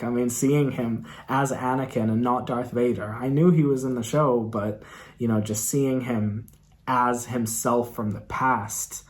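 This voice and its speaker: A man's voice: medium pitch, a little mellow. A man hosting a reaction video in his bedroom, talking about a show in an earnest, emotional, rambling way. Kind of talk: casual film review talk.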